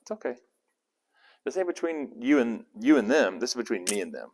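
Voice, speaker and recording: A man's voice: mid-range voice, very animated, fairly quick, a little mellow. A man doing a laid-back, plainspoken God. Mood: easygoing. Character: God as a patient, casual, matter-of-fact man. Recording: long hall reverb.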